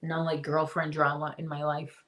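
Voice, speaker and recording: A woman's voice: deep voice, completely flat delivery, normal speed, fairly bright tone. A middle-aged woman hosting a casual live-stream chat from home, rambling and reading out viewer comments. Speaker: host.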